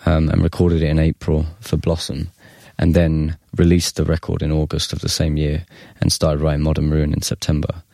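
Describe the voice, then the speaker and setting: A man's voice: very deep voice, monotone, moderate pace, creaky, hardly any pauses, mellow, dry recording, clean studio sound. A man, a musician telling stories in a casual interview, rambling, swearing and laughing. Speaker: musician guest.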